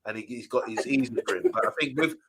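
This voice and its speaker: A man's voice: mid-range voice, steady tone, fast, a crowd in the background. A man co-hosting a casual live fan show, chatting and reading out viewer comments. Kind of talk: casual live-stream chat.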